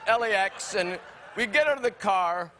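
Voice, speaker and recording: A man in his sixties spins a comic anecdote on a late-night talk show, slipping into quoted voices and tripping over restarts. His voice is bright and crisp, with pitch that leaps around, and a faint hiss sits under the broadcast audio. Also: normal speed. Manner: animated storyteller, acts out voices, stammering restarts. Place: television studio with live audience.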